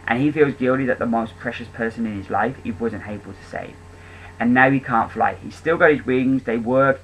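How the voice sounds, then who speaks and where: A man talks through his weekly comic picks in a loose, chatty way. His voice sits at an ordinary middle pitch. He is clearly enthusiastic, but he often pauses on an um and restarts his sentences. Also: fairly bright tone, rough recording. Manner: rambling, with many ums and restarts. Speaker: comic book reviewer. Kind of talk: casual spoken review.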